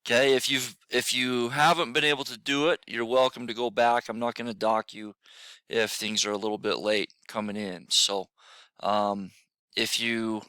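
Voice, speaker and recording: A man's voice: mid-range voice, flat delivery, moderate pace, pushed and bright, clear, resonant tone, no echo. A male middle school teacher recording a casual, filler-heavy lesson for his students, tired in the morning. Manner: casual, repeats himself, many fillers. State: tired, yawning.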